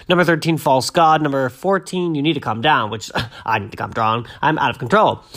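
A man in his thirties chatting casually about music, rambling and excitable, often losing his train of thought. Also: mid-range voice, fairly quick. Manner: rambling, excitable, self-interrupting. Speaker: host.

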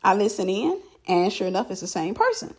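Woman, casual storytelling, animated, slightly breathy voice. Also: mid-range voice, fairly quick. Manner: animated, repeats herself for emphasis, laughs.

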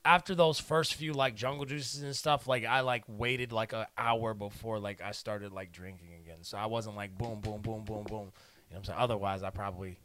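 A man's voice: on the low side, steady tone, brisk, fairly bright tone. A man co-hosting a podcast, chatting casually and leaning heavily on fillers. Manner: filler-heavy, lots of "like". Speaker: podcast co-host. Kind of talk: casual chat.

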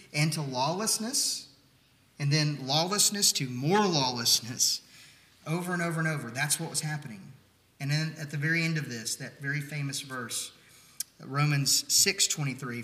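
Emphatic male pastor in a roomy echo. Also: on the high side. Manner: emphatic, rising to near-shouts on key lines; conversational with restarts, explaining scripture verse by verse. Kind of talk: sermon.

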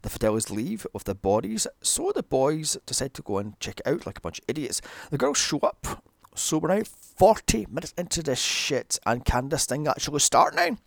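A man's voice: fairly high pitch, big pitch swings, moderate pace, gravelly, dry recording. A man giving a sarcastic, profane recap of a movie, mocking it with exasperation. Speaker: movie reviewer. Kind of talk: sarcastic comedic film recap.

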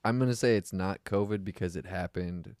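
A low-pitched man chatting on a comedy podcast, telling club stories. His voice is recorded dry and close, with no room sound. He acts out hecklers by pushing his voice up. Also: a little fast, darkish tone, no room sound. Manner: storytelling, acts out heckles in a raised voice. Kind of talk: casual chat.

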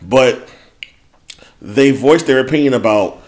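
A man's voice: medium pitch, slow. A man co-hosting a podcast, recapping reality TV in casual chat, swearing freely and laughing often. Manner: profane, animated, laughs often. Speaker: podcast co-host.

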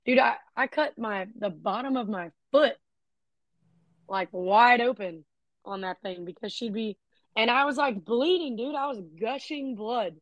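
A woman's voice: on the high side, a little slow, no echo. A young adult woman co-hosting a podcast, telling frank, profane stories in casual chat. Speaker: podcast co-host.

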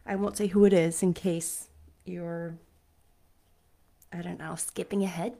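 A woman live-streaming a reading of a classic novel aloud, chatty and self-mocking between chapters and measured and expressive in the narration. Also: on the low side. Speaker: audiobook reader.

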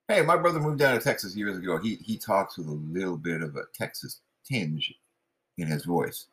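Male podcast host, lowish voice; blunt, rambling, sarcastic political monologue. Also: lively intonation, normal speed, a bit bright. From West Coast of the US.

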